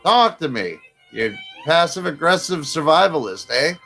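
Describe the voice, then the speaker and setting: A man's voice: a little high, big pitch swings, normal speed, gravelly, pushed and bright, soft background music. A male host mocking a clip with teasing, ribbing banter. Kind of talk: mocking commentary over a clip.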